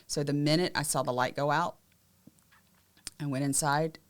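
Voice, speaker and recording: Southern woman, low-pitched, podcast co-host giving frank emotional testimony. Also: fairly even intonation, normal speed. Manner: candid, emotional, drops to quiet tones. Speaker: podcast co-host sharing her survival story. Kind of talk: personal testimony in conversation.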